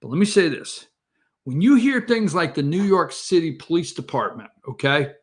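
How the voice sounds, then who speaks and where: Man, morning show host, heated rambling commentary, high voice, swinging wildly in pitch. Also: sing-song, normal speed. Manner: heated, rambling, talks straight to viewers. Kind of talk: opinionated political commentary.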